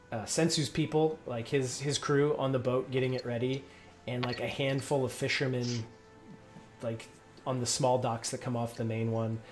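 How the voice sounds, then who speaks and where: A game master narrating a tabletop game in a rambling, filler-heavy way. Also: medium pitch.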